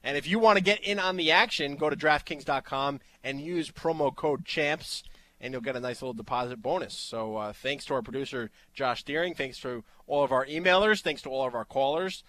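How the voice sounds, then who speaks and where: Bright-voiced male sports radio host. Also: medium pitch, fairly quick. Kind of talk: casual sports radio talk.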